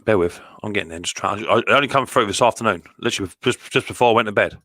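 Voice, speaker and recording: Fast-talking bright-voiced man. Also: lowish voice, no echo. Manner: chatty, cheerful, reads viewer comments aloud. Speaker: live stream host. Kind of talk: casual live stream chat.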